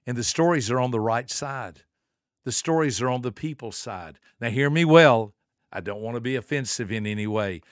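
A man in his seventies hosting a motivational podcast, preaching with emphatic rhetorical questions and swinging between soft asides and booming lines. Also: lively intonation, normal speed, dry recording, studio quality. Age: 70s. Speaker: podcast host and motivational speaker.

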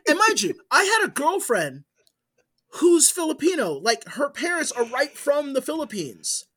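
A male podcast co-host in loose, casual chat. He tells his stories with lots of animation, cursing freely and jumping between loud bursts and low, hushed asides. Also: very animated, moderate pace.

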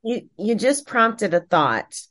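Slow, lively-pitched woman asking questions. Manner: thoughtful, questioning. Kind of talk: casual interview chat.

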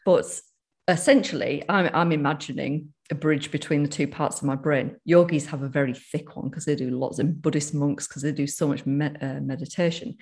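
Northern English speaker for a casual podcast chat: gravelly, mid-pitched, talks in loose runs full of restarts and fillers. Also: fairly even intonation, normal speed, a little mellow. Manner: rambling, many restarts and fillers.

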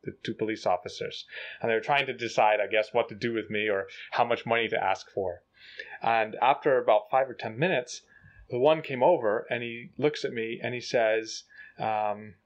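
A man telling a funny travel story in a casual, animated way, acting out voices in the quotes. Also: medium pitch. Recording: slightly dull lo-fi audio.

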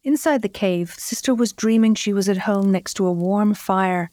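A woman host narrating a folk fairy tale in a measured, scripted delivery, slowing at dramatic moments. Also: mid-range voice, warm tone, no room sound. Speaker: host and storyteller.

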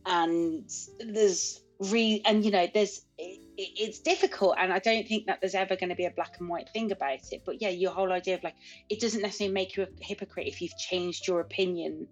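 A woman's voice: lowish voice, brisk, soft background music, low-quality recording. A young woman with a Birmingham accent chatting casually as a podcast co-host, telling stories and acting out quotes. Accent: Birmingham English. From England. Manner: animated, laughs often, acts out quotes. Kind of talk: casual chat.

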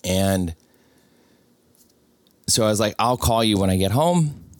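A man's voice: lowish voice, expressive, slow pace, dry recording. A man telling a personal story in an earnest, reflective way, quoting others in his own voice.

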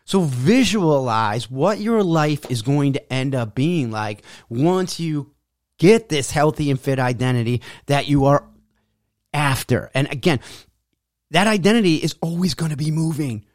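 A man's voice: fairly high pitch, animated, measured pace, no echo, studio quality. A man coaching on fitness in a blunt, preachy monologue that mocks people's excuses. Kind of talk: motivational monologue.

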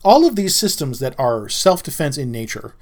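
Middle-aged male podcast host, casual monologue, lively up-and-down delivery, wry and rambling. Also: mid-range voice, moderate pace. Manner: rambling, wry, self-interrupting storyteller.

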